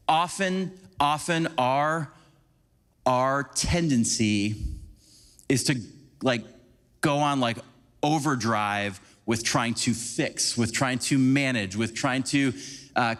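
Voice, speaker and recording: A man giving a conversational, animated sermon as a preacher, acting out little scenes for the congregation. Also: medium pitch. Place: church sanctuary. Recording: long church hall reverb.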